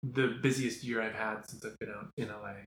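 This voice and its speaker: A man, a commercial actor, telling stories as a podcast guest in a lively way, full of fillers. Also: lowish voice, brisk. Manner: animated storyteller, filler-heavy, acts out quotes. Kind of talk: casual chat. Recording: echoey room, faint ambience.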